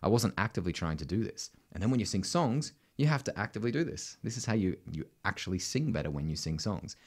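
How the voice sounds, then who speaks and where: Australian man, lively low voice. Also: fast. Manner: conversational, constant "right?" tags, sings demonstrations. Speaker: vocal coach. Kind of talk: casual instructional talk.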